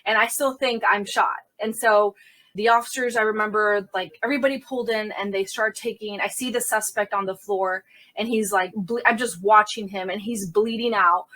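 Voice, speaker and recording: Woman CSI as podcast guest, mid-pitched, recounting a scene in a vivid, self-correcting conversational telling. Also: steady tone, a bit bright. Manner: vivid retelling, quick restarts and self-corrections. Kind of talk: personal storytelling in conversation.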